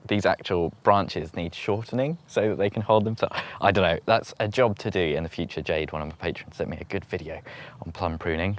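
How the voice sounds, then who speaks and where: A man's voice: lowish voice, dry recording. A man talking casually to camera as he tours his outdoor allotment, chatty and rambling and laughing often, recorded on a handheld camera. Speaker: allotment vlogger. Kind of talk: casual talk to camera while touring a garden plot.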